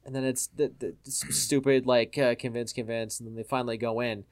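A man's voice: mid-range voice, flat delivery, brisk. A young adult man co-hosting a podcast who recaps a movie in rambling, profane casual chat full of fillers. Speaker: podcast co-host.

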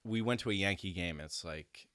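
This New York-area podcast storyteller rambles through a long, profane, animated anecdote, casually slipping into other people's voices to quote them. His voice sits low and moves at a moderate pace, with no room sound.

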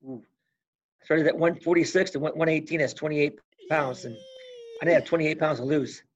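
A man in his sixties, a former college wrestler, telling animated stories as an interview guest and acting out old conversations. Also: a little high, normal speed. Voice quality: gravelly, husky. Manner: animated storyteller who acts out past conversations. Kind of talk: casual storytelling interview. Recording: dull lo-fi recording.

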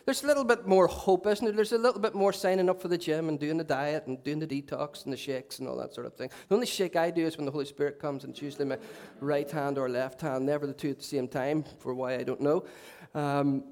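Brief: male pastor, higher-pitched voice, loose joking sermon style. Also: steady tone, fast talker, few pauses, a little mellow. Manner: chatty, self-mocking humour with asides. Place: church. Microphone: handheld mic.

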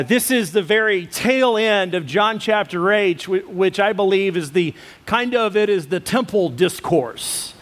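A pastor telling a personal story in his sermon, acting out the quotes and laughing at himself. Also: high-pitched. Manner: animated storytelling, acts out quotes, self-deprecating laughs.

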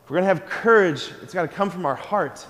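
A man, a Catholic priest, giving an energetic homily at a school mass and drawing the congregation into call-and-response. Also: sits high, quick pace. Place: church. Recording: long church reverb.

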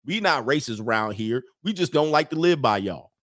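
A man's voice: medium pitch, lively intonation, moderate pace, a bit bright, no echo, clean studio sound. A man doing a drunk, boastful Mississippi redneck. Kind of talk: comedic impression in a livestream rant.

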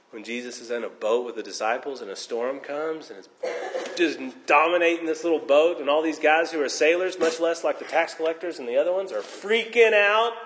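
A man preaching a sermon, animated, swinging between loud emphasis and hushed tones, with self-deprecating jokes. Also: a little high, a little hiss or hum. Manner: jokes at his own expense. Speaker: pastor. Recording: long reverb in a large hall.

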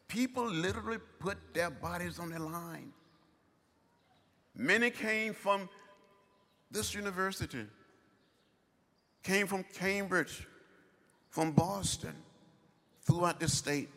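Older man's rolling, lively oratory. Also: fairly high pitch, long reverb tail. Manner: measured, rhythmic oratory with long pauses. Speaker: commencement speaker. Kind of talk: commencement address. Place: large outdoor ceremony.

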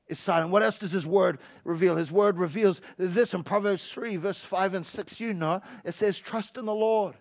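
A high-voiced male pastor with a gravelly edge, preaching to a church congregation. He pushes hard on the big lines, then drops to hushed, playful asides. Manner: swings from loud shouting to hushed low asides, jokey and emphatic. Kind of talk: sermon.

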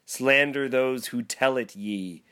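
Man reading sorrowful Christmas spirit, grave warning tone, slow storybook delivery. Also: medium pitch, pushed and bright, clean tone.

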